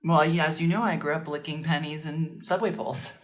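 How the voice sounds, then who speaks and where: A woman's voice: deep voice, fairly even intonation, fairly quick. A woman co-hosting a comedy podcast, dropping dry, wry quips in casual chat. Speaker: podcast co-host.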